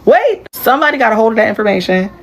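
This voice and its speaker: A woman's voice: mid-range voice, animated, fairly quick. A woman in a played clip spins a fan theory as gossip. She tells it in a playful, dramatic way. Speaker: fan commentator. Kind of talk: gossip storytelling.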